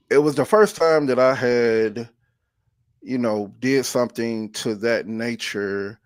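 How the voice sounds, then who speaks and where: A man hosting a podcast, speaking haltingly and openly, often restarting his sentences. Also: fairly low pitch, no room sound, clean studio sound. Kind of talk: casual conversation.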